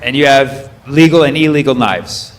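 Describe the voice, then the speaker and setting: Working the crowd live from a comedy club stage, a comedian asks the audience questions and corrects himself mid-sentence. His voice is mid-range at a normal pace. Laughter and murmur create slight background noise.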